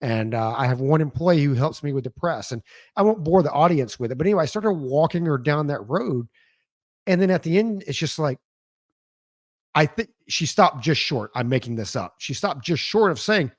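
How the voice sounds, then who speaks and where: A man's voice: on the high side, a little fast, no echo. A man co-hosting a podcast, telling stories animatedly and acting out what people said. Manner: animated storyteller who acts out voices. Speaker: podcast co-host. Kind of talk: casual podcast conversation.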